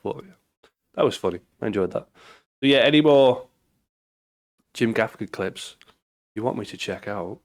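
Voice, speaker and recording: A British man with a blocked nose, chatting casually as host of a comedy reaction channel. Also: on the low side. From Britain. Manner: rambling, easygoing. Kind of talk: casual chat.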